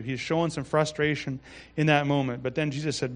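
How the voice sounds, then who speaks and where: A pastor preaching a sermon in a relaxed, conversational way, reading scripture and adding asides. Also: male voice, mid-range voice, fast. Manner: conversational, with frequent restarts and asides.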